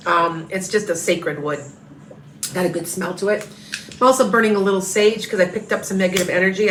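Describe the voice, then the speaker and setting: A woman's voice: medium pitch, fairly bright tone, reverberant, a little hiss or hum, rough recording. A tired woman reading tarot, chatting casually and rambling on a livestream as she greets viewers by name. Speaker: tarot reader.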